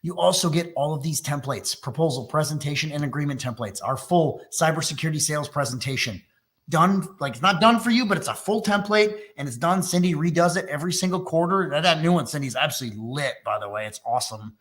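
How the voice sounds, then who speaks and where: Upbeat man from Texas, sales-webinar host, higher-pitched voice, quick salesy patter. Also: a bit bright. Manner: fast, enthusiastic salesy delivery.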